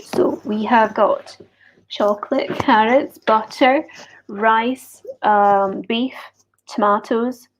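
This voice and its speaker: A woman teaching an online grammar lesson, slowly repeating each example sentence. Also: medium pitch. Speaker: English teacher. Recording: dull lo-fi recording.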